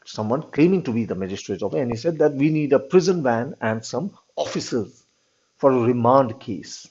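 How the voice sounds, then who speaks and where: A man's voice: medium pitch, animated, normal speed, darkish tone, breathy edge. A male teacher, retelling a story to his class in his own words and often checking in with "all right?". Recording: dull lo-fi recording.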